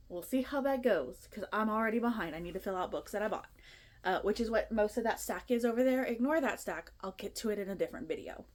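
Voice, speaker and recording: A booktuber in her twenties chats casually to her phone camera in her apartment, rambling and a little nervous. Her voice is mid-range with a darkish tone.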